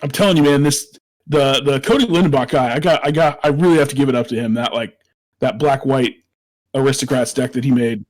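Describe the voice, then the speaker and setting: A man co-hosting a podcast, talking bluntly and jokingly in quick bursts of casual chat. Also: medium pitch. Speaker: podcast co-host.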